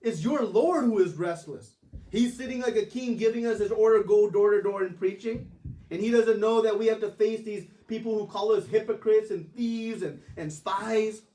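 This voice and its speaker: A man putting on a restless, defiant young holy man who protests loudly and firmly. The voice sits high and pushes hard on each point. It is captured from a distance in a roomy space. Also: expressive, moderate pace. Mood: protesting. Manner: loud, emphatic protest. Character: carefree, restless young male saint, defiant.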